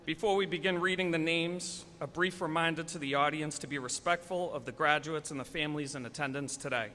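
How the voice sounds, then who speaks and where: A man's voice: a little high, fairly even intonation, fairly quick, bright, forceful tone. A man making a polite, firm formal announcement from a podium at a graduation ceremony. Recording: reverberant hall with faint room noise.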